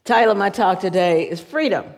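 A woman's voice: medium pitch, a little fast, vocal fry. A woman giving a conversational sermon in church, chatty and folksy, often laughing at her own stories. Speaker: church speaker. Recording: long church reverb.

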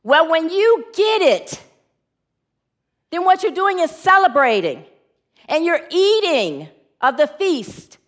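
Preaching with an extremely high, fairly bright voice, this woman moves slowly, swings widely in pitch, and leaves long pauses. She leads her congregation in call and response and earnestly tells stories with acted-out quotes.

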